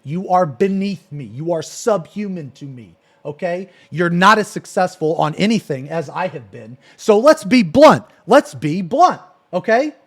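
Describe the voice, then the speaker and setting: A man on a live stream, ranting in anger and cursing as he reacts to a clip. His voice sits high and moves widely in pitch. He loops back to the same insults and phrases. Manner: angry, profane, repetitive ranting.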